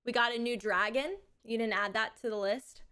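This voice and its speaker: A woman's voice: a little high, fairly even intonation, pushed and bright, clear, resonant tone. Brief: young female streamer, slight lisp, loose giggly chat to viewers. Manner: chatty and giggly, drawn-out words. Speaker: livestreamer. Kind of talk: casual chat to a live audience.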